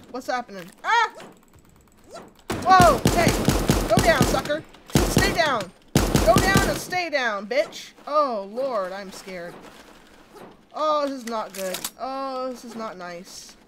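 A woman's voice: mid-range voice, noisy background. A woman giving casual, jokey commentary while playing a game, chatting away and shrieking when startled. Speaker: gaming video host.

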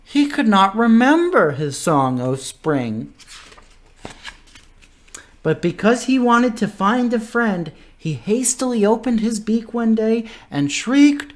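A man reading a picture book aloud to children, playful and animated, stopping to make animal noises. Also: high-pitched, slow pace. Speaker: children's story reader.

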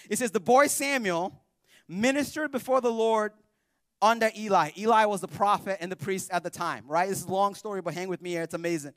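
A male pastor preaching a sermon in a joking, animated storytelling manner. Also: fairly high pitch, no echo. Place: church.

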